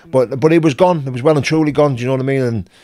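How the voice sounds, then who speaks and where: Fast-talking Northern English man telling a story. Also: mid-range voice. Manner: swearing, laughing, repeating words, animated retelling. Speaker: guest. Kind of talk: casual storytelling.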